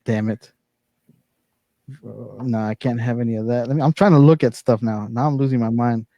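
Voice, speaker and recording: A man's voice: mid-range voice, steady tone, normal speed, no echo, muffled recording. A man hosting a casual chat, loose and profane, trailing off as he hunts for names. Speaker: podcast host.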